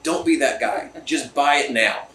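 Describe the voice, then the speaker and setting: A man's voice: mid-range voice, unhurried, bright, forceful tone. A man hosting a casual chat, chatty, jokey and enthusiastic, recorded at a distillery. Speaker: podcast host. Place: distillery room. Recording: roomy, distant mic.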